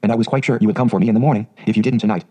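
A man reading aloud and voicing a chatty, imaginative orphan girl of about eleven, talking in a clear, sweet voice in breathless run-on bursts. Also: on the low side, fairly even intonation, very fast, dark tone. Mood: eager.

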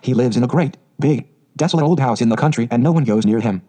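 A man's voice: medium pitch, fast, warm tone, close to an everyday voice. A man voicing a teasing seven-year-old boy who talks with scorn, in a storybook reading. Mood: taunting. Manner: taunting and scornful.

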